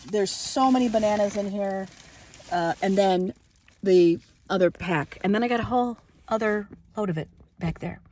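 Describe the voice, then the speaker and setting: A woman in a parked car, chatting excitedly into her phone camera and rambling with plenty of fillers. Her pitch is middling and her tone is casual. A faint hiss sits under the recording. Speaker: vlogger. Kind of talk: casual vlog chat.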